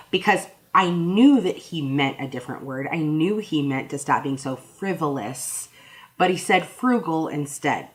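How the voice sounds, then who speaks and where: A woman in her thirties giving casual advice in a rambling, self-deprecating, goofy way. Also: sits low. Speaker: vlogger.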